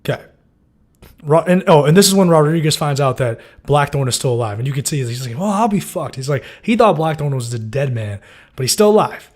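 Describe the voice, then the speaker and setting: A man's voice: medium pitch, animated, brisk, a little mellow. A man giving a loose, casual breakdown of TV episodes, full of fillers and swearing. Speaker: TV show recapper.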